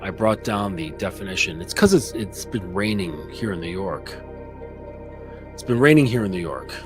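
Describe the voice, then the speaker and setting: Blunt, slow-talking male coach over music. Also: sits low, animated. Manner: slow, deliberate, blunt with casual swearing. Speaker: men's coach. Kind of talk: livestream coaching talk.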